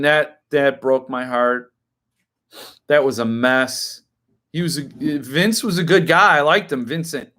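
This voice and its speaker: A man's voice: mid-range voice, a bit bright. A man in his fifties hosting a live stream, chatting casually as he answers viewers' comments and now and then flaring into indignant rants.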